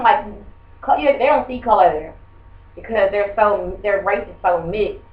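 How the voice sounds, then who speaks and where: A woman's voice: mid-range voice, moderate pace. A woman teacher, giving a rambling, conversational classroom lesson and quizzing the class. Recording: muffled echoey room from far off.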